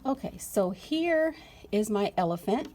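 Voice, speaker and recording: A woman vlogger chatting casually to camera while unboxing, gushing and excitable with drawn-out exclamations. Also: mid-range voice.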